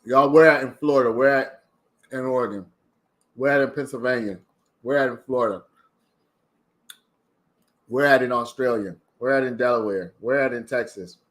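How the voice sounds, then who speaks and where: A man's voice: medium pitch, moderate pace, pauses often, a bit bright. A man from Maryland hosting a casual livestream, chatting and reading out viewer comments. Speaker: livestream host.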